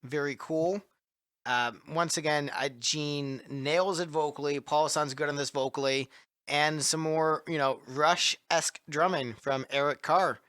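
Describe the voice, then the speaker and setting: A man's voice: fairly high pitch, steady tone, measured pace, a bit bright, no echo, clean studio sound. A man co-hosting a casual music podcast, chatting enthusiastically and giving opinions. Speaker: podcast co-host. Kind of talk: casual panel chat about music.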